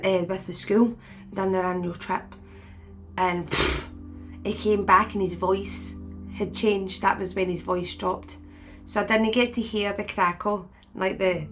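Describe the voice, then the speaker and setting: Bright-voiced chatty woman. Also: mid-range voice. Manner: chatty and rambling, laughs often, slips into retold dialogue. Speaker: spiritual medium host. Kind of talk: casual chat to viewers.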